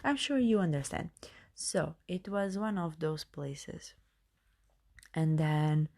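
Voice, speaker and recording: A woman podcast host who is not a native English speaker talks through self-help advice. Her voice sits low and warm, and she takes her time, pausing on fillers and restarting her sentences as she searches for words. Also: expressive. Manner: hesitant, many fillers and restarts. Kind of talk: casual self-help monologue.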